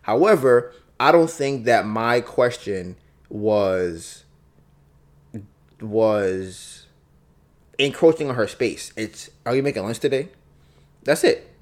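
A man's voice: medium pitch, expressive, slow pace, pauses often, darkish tone. A man hosting a podcast alone, talking through his thoughts in a casual, reflective way, often repeating himself and acting out both sides of an argument. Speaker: podcast host. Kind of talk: solo casual monologue.

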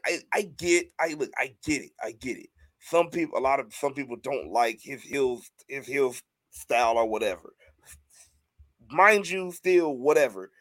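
A man co-hosting a casual podcast chat, excitable and often stumbling and restarting his sentences. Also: sits high. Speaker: podcast co-host.

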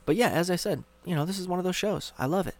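A man's voice: sits high, fast. A man hosting a solo podcast into a studio microphone, casual, rambling and sarcastic. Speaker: podcast host.

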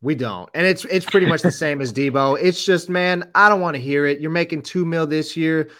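A man's voice: a little high, fairly quick, fairly bright tone. A middle-aged man co-hosting a casual sports podcast, ranting in a fired-up way. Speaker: podcast co-host.

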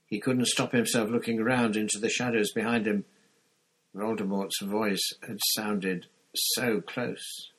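A man reading an audiobook chapter with measured, expressive storytelling. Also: on the low side, husky. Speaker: audiobook narrator. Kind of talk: scripted narration.

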